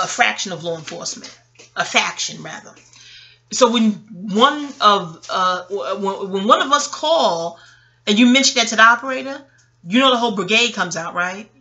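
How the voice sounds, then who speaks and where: A woman, telling a personal story to her viewers in a casual, profane and animated monologue. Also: mid-range voice. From New York. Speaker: vlogger.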